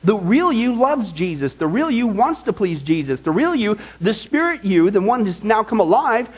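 Male pastor, higher register, emphatic conversational Bible teacher who checks in constantly. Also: big pitch swings, normal speed, slightly rough. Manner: emphatic, checks in with the audience, frequent "okay?".

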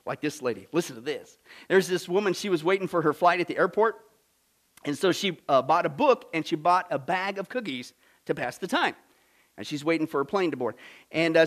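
A man preaching a sermon as a pastor, swinging from hushed asides to loud emphatic lines and often repeating "listen". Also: high-pitched.

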